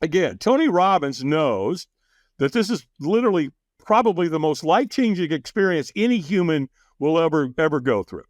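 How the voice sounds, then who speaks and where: A man appears as a podcast guest, his voice fairly high and his pace moderate, with no room sound in the recording. He tells a story in conversation with lots of energy, acting out quoted voices and laughing often.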